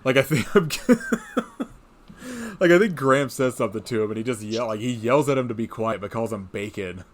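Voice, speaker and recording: A man's voice: medium pitch, lively intonation, normal speed, a little hiss or hum. A man casually recapping a movie on a podcast, rambling with many fillers, swearing and laughing often. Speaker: podcast co-host.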